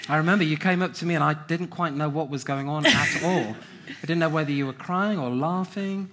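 A man's voice: a little high, a little fast, fairly bright tone, a little hiss or hum. A man leading a church interview, asking questions in a hesitant, conversational way. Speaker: church leader interviewing a member.

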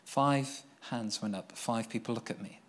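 A young man preaching as he tells a personal testimony, earnest and storytelling, swinging from excited to hushed. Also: medium pitch, a little slow.

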